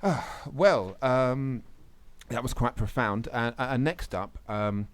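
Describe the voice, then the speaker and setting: A man's voice: medium pitch, lively intonation, takes it slowly, no room sound. A man hosting a scripted comedy radio show, flustered and hesitant with many fillers, sometimes mock-solemn.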